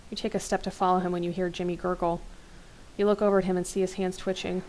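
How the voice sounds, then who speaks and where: A woman's voice: on the low side, level tone, quick pace, darkish tone, poor audio. Woman reading a horror story aloud. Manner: casual, chatty asides. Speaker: let's play host. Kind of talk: reading an interactive horror novel aloud with comments.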